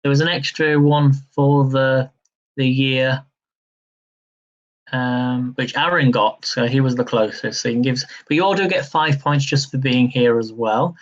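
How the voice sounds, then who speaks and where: A man's voice: mid-range voice, fairly even intonation, unhurried. Man, quiz host, casual live stream, chatty, upbeat, muffled lo-fi sound. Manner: chatty, upbeat, laughs easily.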